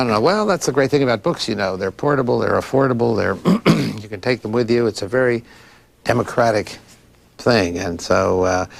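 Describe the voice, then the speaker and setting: Older man in his sixties, low gravelly voice, reflective, rambling interview guest. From Philadelphia, United States. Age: 60s. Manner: thoughtful, digressive, with frequent restarts. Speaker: interviewee, librarian.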